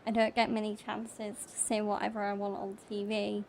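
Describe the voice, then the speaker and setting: A woman's voice: medium pitch, monotone, normal speed, gravelly, darkish tone, a little hiss or hum. A British woman in her twenties chatting casually over a gameplay stream, laughing often and reading viewer comments aloud. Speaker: gaming streamer.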